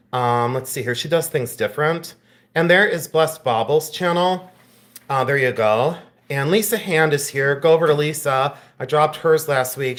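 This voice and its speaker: A man's voice: a little high, fairly bright tone. A man hosting a live jewelry sale stream, teasing viewers in the chat, laughing often and turning tender when he speaks to a friend.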